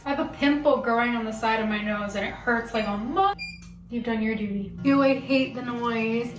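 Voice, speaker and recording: A woman's voice: a little high, normal speed. A young woman chatting casually to camera in her home office, sarcastic and cursing freely between little laughs. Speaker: vlogger and actress. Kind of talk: casual vlog chat to camera. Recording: roomy echoey room.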